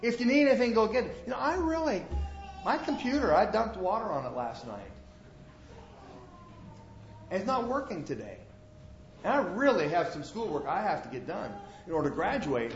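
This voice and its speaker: Preacher plays a high, whiny young worker making excuses; muffled lo-fi recording. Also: male voice, big pitch swings, a little fast, roomy sound, soft background music. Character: young male worker, whiny and self-serving. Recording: dull lo-fi sermon recording.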